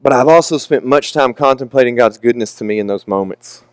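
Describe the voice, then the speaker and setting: A man's voice: medium pitch, a little fast, clean tone, no echo. A young man preaching a candid, emotional, confessional sermon with casual asides.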